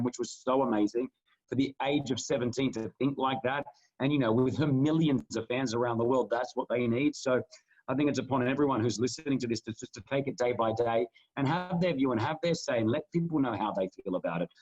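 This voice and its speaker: A medium-pitched, slightly mellow voice belongs to a podcast co-host caught in a muffled recording. Chatting casually but earnestly, he rambles and often restarts what he's saying.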